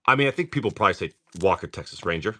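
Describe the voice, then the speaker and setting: A man hosting a live card-break stream, just woken up and clearing his throat, chatting in a rambling way while rattling off card names. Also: low-pitched, expressive, racing, sharp tone. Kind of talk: casual livestream chatter.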